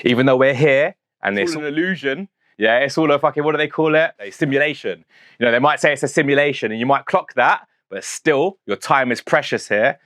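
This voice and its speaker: A man's voice: medium pitch, a little fast, a bit bright, no room sound, clean studio sound. A man from St Albans with a southern English accent, casually breaking down his own rap lyrics, chatty and full of slang, laughing at his own jokes. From St Albans, England. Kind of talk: casual explanation.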